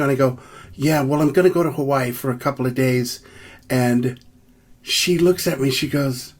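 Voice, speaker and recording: A man's voice: medium pitch, normal speed. A man telling a self-deprecating funny story in a chatty way before leading a prayer song. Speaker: musician and comedian. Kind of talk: comic storytelling and sung prayer. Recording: music clearly heard behind the voice. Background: guitar.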